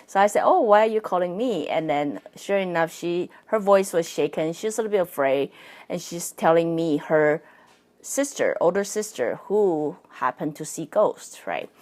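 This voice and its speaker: Her voice sits low and a little mellow, expressive and at a moderate pace, as this non-native English-speaking woman runs a relaxed solo podcast about her work as a psychic and spirit coach. Chatty and quick to laugh, she repeatedly tags on "right?"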